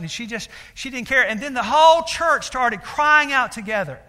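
A man's voice: high-pitched, fairly quick, hardly any pauses, sharp tone. A man preaching a sermon, telling a story earnestly with many fillers and building to emphatic appeals. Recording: long reverb of a large hall.

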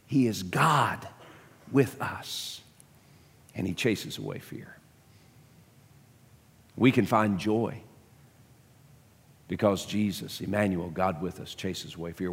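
Deep-voiced preacher in a reverberant church. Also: male voice, creaky, husky. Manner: emphatic, repeats words as he builds. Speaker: pastor. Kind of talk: sermon. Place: church sanctuary.

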